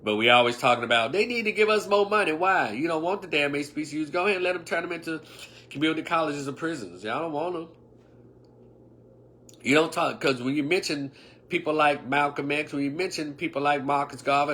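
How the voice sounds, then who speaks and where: A man in his fifties, an online commentator, talks casually on a livestream, sharing opinions in an emphatic, preachy way with sarcastic remarks and muttered asides. His voice is fairly high-pitched with a sharp tone.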